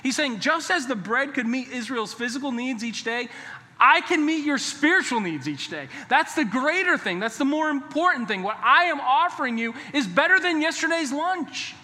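A pastor preaching a sermon in a church, emphatic and conversational, sometimes dropping to a hushed, earnest tone. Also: male voice, extremely high pitch, expressive, normal speed. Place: church sanctuary. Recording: long hall reverb.

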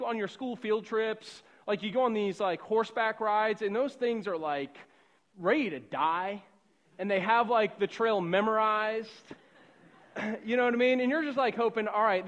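The recording is lo-fi: a middle-aged man from the suburbs of Boston preaches in a high voice. He tells his story loosely and conversationally, going from quiet to loud.

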